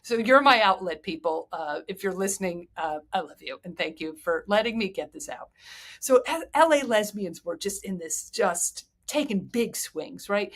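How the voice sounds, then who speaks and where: A woman hosting a podcast in a chatty, candid, rambling way. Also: mid-range voice. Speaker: podcast host. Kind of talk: casual chat.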